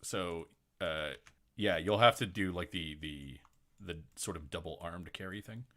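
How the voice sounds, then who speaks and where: A man's voice: deep voice, a little slow, sharp tone, slight background noise. A man running a tabletop game as game master, chatty and rambling, laughing often.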